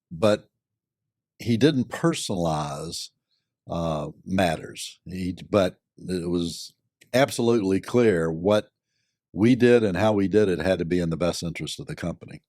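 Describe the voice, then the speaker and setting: An older man, a company board member and lawyer, giving measured, thoughtful answers with many pauses and fillers. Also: sits low, a little mellow, dry recording, clean studio sound. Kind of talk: reflective interview answers.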